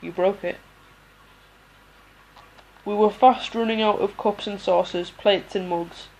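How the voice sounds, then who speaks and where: A woman reading a novel aloud as an amateur audiobook, unhurried, with pauses and the odd restart. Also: mid-range voice, fairly even intonation, a little mellow, rough recording. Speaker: audiobook reader.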